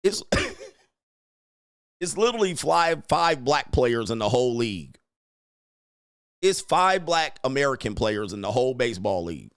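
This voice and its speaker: A man's voice: medium pitch, big pitch swings, normal speed, pauses often, fairly bright tone, smooth, no echo, clean studio sound. A man in his forties hosting a casual commentary monologue, riffing in crude slang and laughing often. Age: 40s. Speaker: host.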